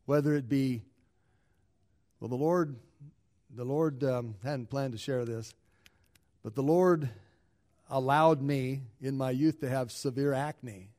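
A middle-aged pastor preaches a sermon in a medium-pitched, fairly even voice at normal speed. He often restarts and repeats words, swinging from loud emphasis to quiet asides.

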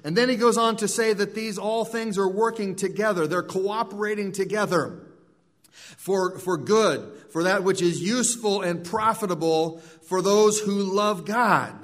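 A man's voice: high-pitched, unhurried. A man preaching a sermon in an earnest way, often repeating words and restarting phrases. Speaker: pastor.

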